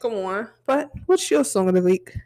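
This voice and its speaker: A young adult woman co-hosting a podcast in casual chat, slangy and quick to laugh. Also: mid-range voice, expressive, darkish tone. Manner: slangy, laughs often, talks over others. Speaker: podcast co-host.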